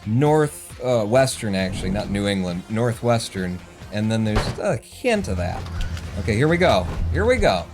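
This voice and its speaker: A man's voice: fairly low pitch, big pitch swings, normal speed. A man streaming a speedrun, commenting on his play while swearing and talking to himself. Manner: swears often, mutters running self-talk. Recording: game music under voice.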